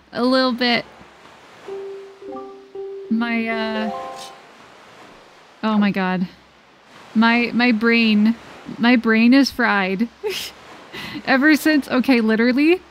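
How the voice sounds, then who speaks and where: A bubbly woman streamer with a slightly high voice chats with her viewers over a game and giggles often. Faint game music plays underneath her talk. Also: very slow, pauses often. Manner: bubbly, giggly, talks to chat. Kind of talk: casual livestream gameplay chat.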